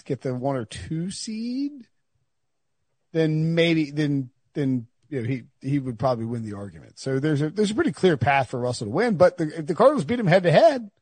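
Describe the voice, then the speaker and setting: Upbeat male co-host with a lively, slightly raised voice, breathy edge, dry close sound. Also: on the high side, no room sound. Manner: animated, joking, teasing. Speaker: podcast co-host. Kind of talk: casual sports chat.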